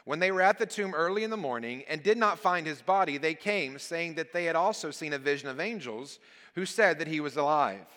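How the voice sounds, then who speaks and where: A guest speaker with a slightly high, pushed, bright voice reads scripture aloud and then explains it. His preaching is earnest and emphatic, with phrases that fall at the ends, and a long church hall reverb surrounds him.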